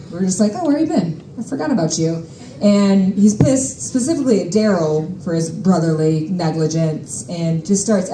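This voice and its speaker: A young woman tells a personal story on a stage mic with wry, profane exasperation. Her voice sits low and mellow. The room carries an echo with a faint hum of ambience behind it. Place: stage at a live storytelling show.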